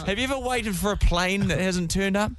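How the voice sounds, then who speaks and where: A man's voice: high-pitched, fairly quick, a bit bright. A man with a New Zealand accent hosting breakfast radio, teasing and joking with his co-hosts and laughing often. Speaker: radio host. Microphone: studio mic.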